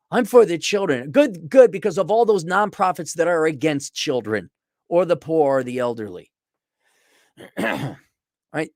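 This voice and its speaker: A man's voice: on the high side, dry recording, clean studio sound. A middle-aged man delivering a sarcastic, ranting opinion monologue as a podcast host. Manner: sarcastic, ranting, mocking voices.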